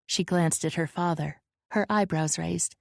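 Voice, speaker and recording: Low-voiced woman narrating an audiobook. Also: creaky, no room sound, studio quality. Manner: measured, even storytelling. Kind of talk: scripted narration.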